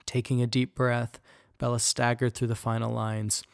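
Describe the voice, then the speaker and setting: A man reading an audiobook chapter in steady, even scripted narration. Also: medium pitch, normal speed, gravelly, smooth, no echo, studio quality.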